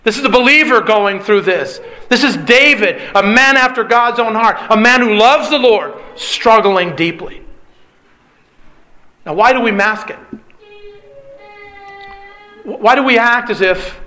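High, bright-voiced male preacher. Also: a little slow, pauses often. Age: adult with a young child. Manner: emphatic preaching with repeated rhetorical questions. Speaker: pastor. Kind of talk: sermon.

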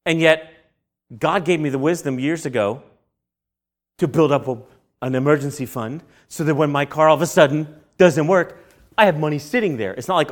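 Male preacher, conversational sermon delivery, rhetorical questions, bursts of animated acted voices. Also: moderate pace, long pauses. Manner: asks rhetorical questions and answers them; acts out quoted voices with big jumps in pitch and loudness.

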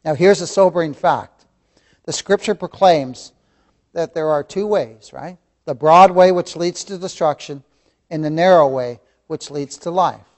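Man, fervent Bible teacher with a slightly high voice; big swings from loud emphasis to near-whispers, repeats his points. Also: a little slow. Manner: impassioned, swings from loud emphasis to hushed asides; calls listeners "beloved", repeats key phrases. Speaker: Sunday school teacher. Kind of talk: preaching a Bible lesson.

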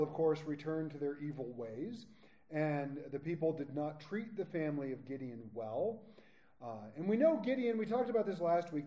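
Lively man teaching from the Bible. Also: a little high. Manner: lively, with joking asides.

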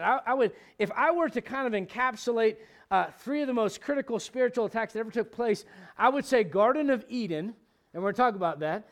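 Preaching at a midweek Bible study, a middle-aged male pastor stays animated and conversational throughout. Quick joking asides to the congregation and bursts of high-pitched emphasis run through his sermon.

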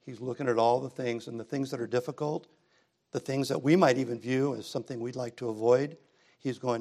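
A man's voice: medium pitch, steady tone, brisk, darkish tone. A middle-aged man preaching a sermon in a church, easygoing and conversational, rising to emphatic passages. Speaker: pastor. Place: church sanctuary.

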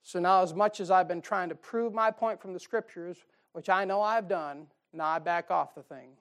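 A middle-aged male pastor preaching a sermon in his church in a folksy, joking way, moving between loud emphasis and quiet asides. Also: high-pitched, normal speed. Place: church sanctuary.

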